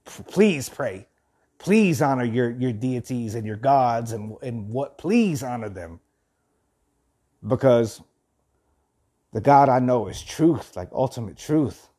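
A man speaks in a warm, relaxed, mellow tone. He reads a passage aloud and then moves into earnest motivational talk. He circles back and repeats his phrases as he goes. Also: medium pitch, takes it slowly, long pauses, husky. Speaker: host of a thirty-day motivational journey.

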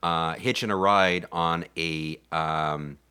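A man's voice: sits low, fairly even intonation, takes it slowly, pushed and bright, smooth. A man co-hosting a podcast, recapping a movie in rambling casual chat with many fillers.

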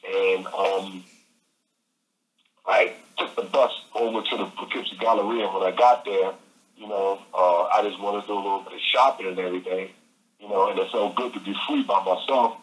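A man telling a story as an interview guest over the phone, animated and repeating phrases. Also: low-pitched, normal speed. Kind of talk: casual storytelling. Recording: phone line.

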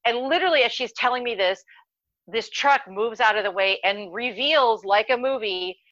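A woman on a podcast spinning a story in loose, casual chat, excitable and quick to curse. Her voice is bright and forward. The sound is dry and a little dull, like a lo-fi home recording. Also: on the high side, dry recording. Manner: excitable and animated, swearing casually. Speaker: podcast co-host.

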